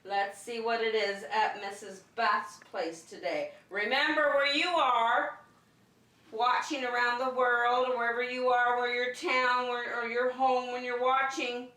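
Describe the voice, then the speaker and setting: A woman's voice: on the high side, fairly even intonation, measured pace, bright, forceful tone, recorded from a distance. A woman leading an online circle time for young children from her home, in cheerful, sing-song teacher talk. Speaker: preschool teacher. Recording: echoey room, voice off-mic.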